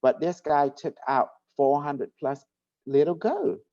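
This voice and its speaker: A man's voice: fairly high pitch, lively intonation, slow pace, warm tone, dry recording. A man hosting a casual talk show, telling a story at length and with emphasis. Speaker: host. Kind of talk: casual chat. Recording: dull lo-fi recording.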